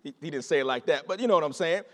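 A man preaching a sermon to his congregation in an animated, conversational way, repeating phrases and calling out to the listeners. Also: on the high side, very fast. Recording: long reverb of a large hall.

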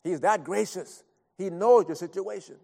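Earnest high-voiced male preacher. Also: moderate pace, gravelly, big-room sound. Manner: earnest, pleading, swings between soft and loud. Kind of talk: sermon.

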